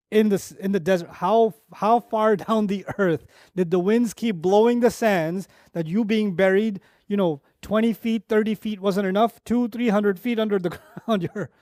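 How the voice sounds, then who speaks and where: A middle-aged man teaching a lecture on Quran verses, telling analogies with rising emphasis that drops to quiet low moments. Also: no room sound, clean studio sound. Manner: animated storytelling, pitch rising high for emphasis and dropping low and quiet.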